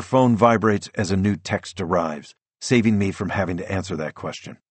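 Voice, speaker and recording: A man with a very deep, slightly husky voice reads a first-person audiobook in a measured, tense manner. The sound is dry and close, with no room around it. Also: no echo. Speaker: audiobook narrator.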